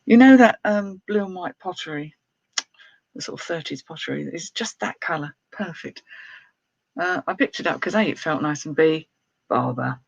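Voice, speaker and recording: A woman's voice: low voice, expressive, moderate pace, creaky, no room sound, highs cut off. A woman who resells clothes, chatting casually on a live stream, laughing often and reading out viewer comments. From United Kingdom. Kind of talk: casual live-stream chat while showing items.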